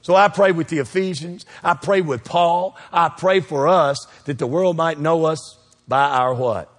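A man preaching a sermon, asking the congregation to call out the missing words and swinging between loud peaks and quiet asides. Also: a little high, a little slow. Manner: call-and-response preaching, asks the crowd to fill in words. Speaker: pastor. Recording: long reverb of a church hall.

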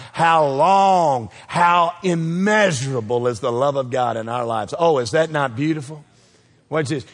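A man preaching a sermon, asking the congregation to call out the missing words and swinging between loud peaks and quiet asides. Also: a little high. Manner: call-and-response preaching, asks the crowd to fill in words. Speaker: pastor. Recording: long reverb of a church hall.

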